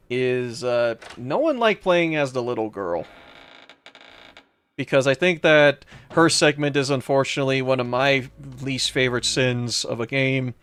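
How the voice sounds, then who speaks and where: Young male streamer, mid-pitch, rambles casually between puzzles, reads chat aloud. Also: fairly bright tone, smooth. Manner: rambling, with frequent fillers and restarts. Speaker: let's play streamer. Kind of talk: casual gameplay commentary reading chat.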